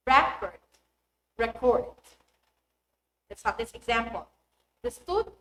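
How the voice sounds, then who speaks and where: Slow, high-voiced woman teaching. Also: sharp tone, slight background noise. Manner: deliberate, pronounces example words one by one with marked stress. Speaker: English teacher. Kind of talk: recorded classroom lesson. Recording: roomy echoey recording.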